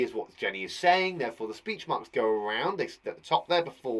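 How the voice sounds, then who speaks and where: A man's voice: fairly high pitch, big pitch swings, a little fast, few pauses, fairly bright tone. A man teaching a children's punctuation lesson online, chatty and playful, with jokes between his explanations. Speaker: primary school teacher.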